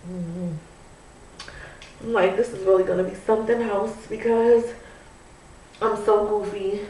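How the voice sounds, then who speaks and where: A woman's voice: medium pitch, steady tone, measured pace, warm tone, distant mic. A pregnant woman chatting casually to her camera while she curls her hair, musing and leaning on "you know" and "I'm like.". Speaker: vlogger. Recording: echoey room, voice away from the mic, faint noise.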